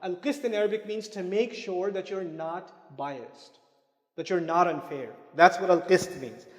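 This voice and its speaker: High-voiced man lecturing in a reverberant hall. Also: unhurried. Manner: conversational, with casual asides and Arabic terms. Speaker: Islamic lecturer. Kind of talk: religious lecture.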